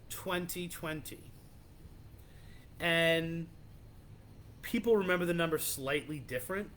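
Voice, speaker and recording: A man's voice: medium pitch, a bit bright, a little hiss or hum. A man hosting a podcast, casually telling a creepy legend in a loose, rambling way with many restarts. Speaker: podcast host.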